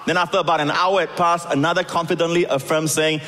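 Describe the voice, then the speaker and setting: A man preaching a sermon, acting out the scripture voices and moving between loud calls and soft, quiet lines. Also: sits high, fairly even intonation, very fast, hardly any pauses, big-room sound. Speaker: pastor.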